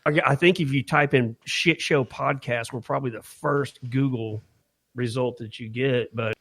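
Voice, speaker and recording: A man's voice: mid-range voice, normal speed, creaky, a bit bright, no echo. A man co-hosting a podcast in a studio, chatting casually and laughing often. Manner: laid-back, laughs often, says "man" and "dude". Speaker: podcast co-host. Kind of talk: casual chat.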